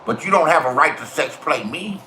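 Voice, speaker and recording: Middle-aged Californian man, profane ranting storyteller, slightly high voice, recorded in a roomy space. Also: animated, a little fast, sharp tone, slight background noise. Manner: crude, swearing, confrontational storytelling. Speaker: vlogger. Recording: roomy echo.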